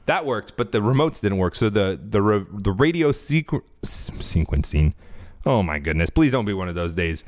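A man's voice: fairly low pitch, normal speed, no echo. Earnest man hosting a podcast. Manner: earnest, self-correcting, animated preaching tone. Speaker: podcast host. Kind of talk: faith-based business podcast monologue.

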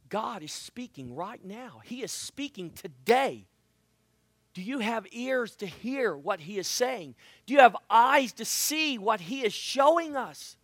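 A man preaching a sermon as pastor, swinging from loud proclaiming to hushed near-whisper and acting out Bible voices with playful asides. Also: high voice, big pitch swings, unhurried, dry recording, clean studio sound.

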